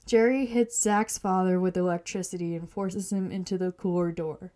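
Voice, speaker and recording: Podcast host reading her own story, playful woman, even narration. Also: on the low side, moderate pace.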